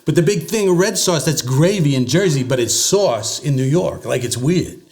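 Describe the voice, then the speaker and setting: An American man, a voice-over artist, telling stories in a relaxed interview with many fillers and restarts. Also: fairly high pitch, normal speed. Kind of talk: casual interview chat.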